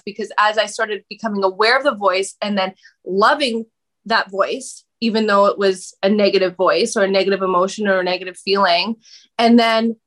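A woman guest on a podcast speaking candidly about her own experiences in an expressive, animated conversational way. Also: medium pitch. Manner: animated, expressive, quick bursts of speech.

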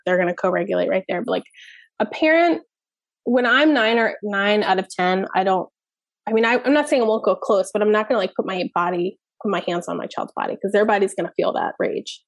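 A woman in her thirties speaks as a child therapist in a relaxed interview, her mid-pitched voice carrying a gravelly, fry-laden texture. She talks frankly, with a loose, conversational flow, and the recording is close and dry with no room sound. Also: no room sound. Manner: candid, frequent "like" and "you know what I mean", occasional cussing. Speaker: child therapist and parenting expert.

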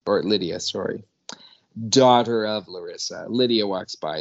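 A man's voice: fairly low pitch, unhurried, creaky, muffled recording. A man co-hosting a casual recap chat, telling the story animatedly and laughing often. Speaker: podcast co-host, teacher.

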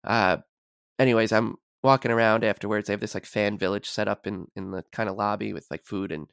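Male podcast guest, low voice, dry sound, rambling storyteller. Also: steady tone, a little fast, gravelly, fairly bright tone, clear, resonant tone, no echo. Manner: rambling, repeats words, many likes. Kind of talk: casual sports podcast chat.

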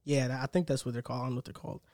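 A man's voice: mid-range voice, fairly even intonation, very fast, a little mellow, no room sound, studio quality. A young man hosting a casual sports podcast, chatty and upbeat, rambling a little as he talks. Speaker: podcast host.

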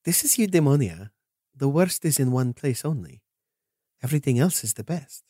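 A man's voice: medium pitch, moderate pace, no echo, studio quality. A man voicing a cheerful, otherworldly ghost woman who guides a group and teases them. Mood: breezy. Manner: breezy, teasing, lively.

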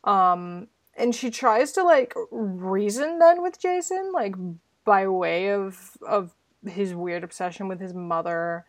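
A woman's voice: mid-range voice, takes it slowly, no echo. Woman, casual podcast chat, rambling, lots of fillers, dry close sound. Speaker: podcast co-host. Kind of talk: casual film discussion.

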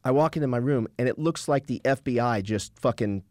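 A man's voice: mid-range voice, fairly quick, darkish tone, no room sound. Profane storytelling man, close dry mic. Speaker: podcast co-host. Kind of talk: casual storytelling chat.

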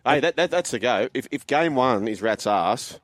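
A man's voice: mid-range voice, animated, normal speed, dry recording. A man on sports radio, telling a story with punchy asides. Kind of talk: casual sports chat.

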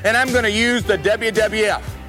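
A man's voice: sits high, fairly even intonation, normal speed, pushed and bright, voice pushed up. A man playing a cocky, boastful country singer wrestling villain in a promo clip, bragging and spelling out his own name. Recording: archive clip with music bed.

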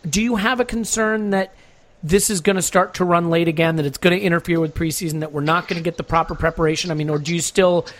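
A man's voice: on the high side, steady tone, fast. A man hosting a football podcast, eager and stammering as he asks questions. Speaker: podcast host. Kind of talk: casual chat.

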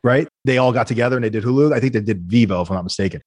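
A man speaking fast and with a husky, slightly rough voice as a podcast guest, telling his business stories in a lively way. He acts out the people in his stories as he goes. The sound is dry and close, with almost no room. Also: mid-range voice, no echo. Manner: fast, animated storytelling, acting out quoted people. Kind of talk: casual storytelling interview.

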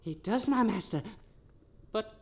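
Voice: medium pitch, animated, measured pace, pitched above the performer's own voice. A performer voicing a timid, dim servant in an amateur radio comedy. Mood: meek.

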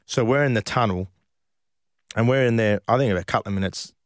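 A former professional footballer from Australia, appearing as a guest, tells stories in a casual interview with a laid-back, low voice and a fairly quick pace. He's chatty and laughs as he goes. The studio sound is clean, with no echo.

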